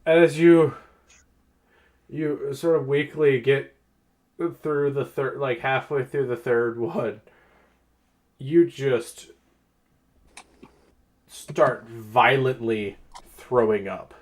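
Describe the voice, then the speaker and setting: Slow-talking male game master. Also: mid-range voice. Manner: relaxed, chuckling, slow narration. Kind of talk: narrating a tabletop game.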